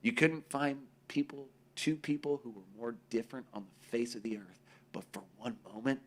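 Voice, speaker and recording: Male co-host, casual and profane storyteller, middle pitch. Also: steady tone, normal speed. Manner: profane, storytelling, acts out quoted voices. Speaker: podcast co-host. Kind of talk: casual chat.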